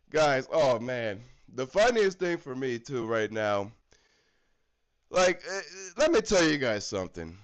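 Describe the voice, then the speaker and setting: A man from the United States rants heatedly about hockey with constant swearing. His voice sits high for a man and swings widely up and down as he hammers his points home again and again. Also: low-quality recording. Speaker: hockey fan vlogger. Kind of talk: profane ranting commentary.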